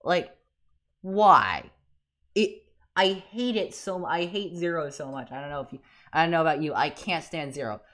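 A woman co-hosting a casual fan podcast, talking in animated, exasperated rants with many restarts. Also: low-pitched, fast. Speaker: podcast co-host.

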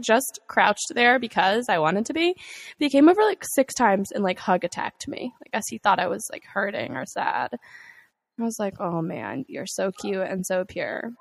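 A young woman chatting casually as a co-host, talking in a loose, rambling way with frequent laughs and fillers. Her voice sits at an ordinary middle pitch. The recording is dry and close, with no room sound. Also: a bit bright, no room sound. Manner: chatty, laughs often, many likes and ums. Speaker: podcast co-host. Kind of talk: casual chat.

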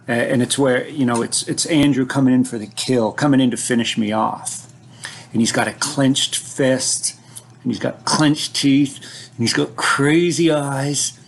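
A man with a gravelly, creaky voice spins a childhood memory as if narrating a film scene. He talks with vivid, cinematic flair, stumbling over restarts and swelling with excitement. A faint hum of room ambience sits behind him. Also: medium pitch. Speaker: storyteller. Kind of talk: personal storytelling.

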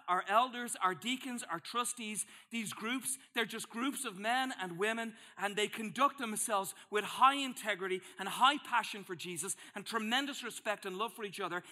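A man's voice: high voice, pushed and bright. A man preaching a sermon as pastor, telling a humorous story and acting out his own reactions. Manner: storytelling with acted-out asides.

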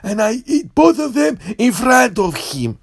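A man voicing a slow, simple-minded man from Crete in a comedy sketch, who keeps repeating his own name. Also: very high-pitched, big pitch swings, creaky, slightly rough, voice pushed up, full character voice. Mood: dopey.

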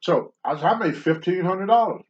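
A man's voice: high-pitched, a little fast, dull audio. A man telling stories from his wrestling career in casual, blunt talk, acting out the people he quotes. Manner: animated, acts out the voices of the people he quotes; blunt, rough language. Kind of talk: casual spoken storytelling.

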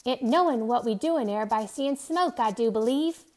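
A weathered old seaman, put on by a woman reading a storybook aloud, speaks in a lilting dialect. His voice sits fairly high for an old man and carries loud, urgent calls. He stays steady and protective. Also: normal speed, slight background noise, close to an everyday voice.

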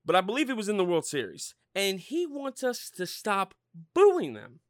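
A man with a high, bright voice rants and swears through a sports podcast, his pitch leaping all over. The sound is dry and close. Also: sing-song, moderate pace, no echo. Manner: loud, swearing, rambling and fired-up. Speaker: podcast host. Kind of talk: profane sports rant.

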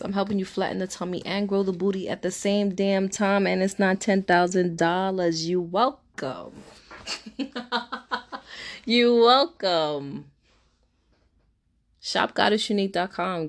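A young woman with a low voice makes a brash, slangy pitch for her own beauty line. She talks in a chatty, playful way and laughs often. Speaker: business owner promoting her products. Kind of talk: promotional pitch.

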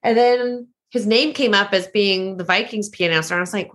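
A woman broadcaster chats easily as a podcast guest, with a bright, forward tone. She rambles a little and leans on "like" as she talks. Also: mid-range voice, fairly quick. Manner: chatty, lots of "like" fillers. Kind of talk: casual podcast interview.

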